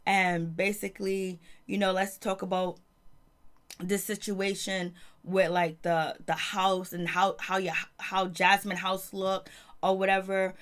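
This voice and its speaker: A woman's voice: mid-range voice, level tone, measured pace, fairly bright tone. Woman doing a chatty reality tv recap, lots of slang, acts out the quotes. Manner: slangy, retells scenes in quoted voices. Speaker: TV show reviewer. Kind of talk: casual recap monologue.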